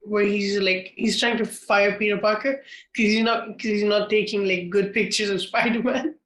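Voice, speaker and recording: A co-host on a casual film podcast, halting and full of restarts, with dry, brief answers. The voice is bright and sharp, and it rings in an echoey room. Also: medium pitch, fairly even intonation.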